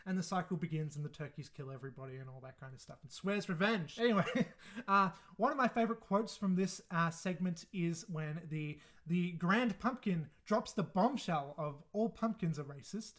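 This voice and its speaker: A man's voice: sits high, moderate pace, fairly bright tone. A man casually reviewing and ranking episodes, rambling and self-deprecating, swearing freely. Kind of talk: casual commentary.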